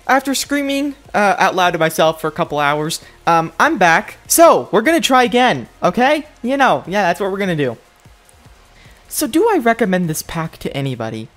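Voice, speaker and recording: Young male gamer, frustrated pack-opening commentary, very animated pitch that cracks up high. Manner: exasperated, ranting, voice jumping high in disbelief. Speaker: mobile game YouTuber.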